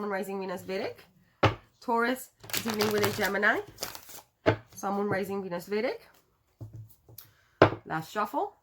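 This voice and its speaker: A woman's voice: mid-range voice, heavy background noise. A woman reading tarot cards to her viewers in a casual, chatty way, laughing often and cursing now and then. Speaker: tarot reader.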